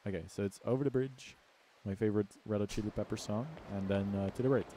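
A man's voice: fairly low pitch, steady tone, quick pace, background noise. A man chatting casually while streaming a game, goofy and self-mocking, sometimes humming to himself. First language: Dutch. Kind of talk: casual let's-play chat. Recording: game music playing behind.

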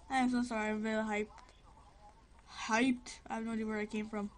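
A woman's voice: fairly high pitch, flat delivery, fairly quick. A young woman casually commenting on her gameplay, rambling, giggling and often apologizing. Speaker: gameplay video host.

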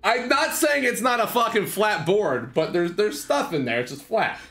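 A man's voice: sits high, moderate pace, soft background music. A young man streaming, chatting casually with jokes and swearing. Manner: joking, swearing, animated banter. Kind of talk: casual livestream chat.

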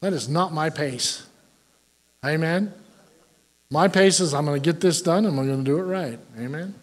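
Folksy joking older pastor, high-voiced man. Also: normal speed. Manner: folksy and joking, with frequent "Amen?" to the congregation. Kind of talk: sermon.

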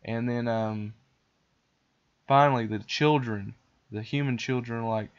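A man's voice: medium pitch, a little slow, pauses often, clean tone. Rambling man on a dull podcast mic. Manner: rambling, animated, with fillers. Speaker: podcast host. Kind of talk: casual retelling of a cartoon.

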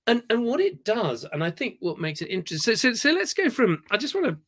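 A man leading an online acting workshop. He is animated and digressive, repeating words when he gets excited, heard over a video call. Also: extremely high pitch, fast. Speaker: theatre director leading a workshop.

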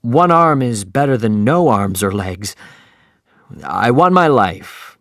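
A man's voice: medium pitch, animated, slow pace, a bit bright, dry recording, clean studio sound. Man doing a firm, friendly one-armed captain.

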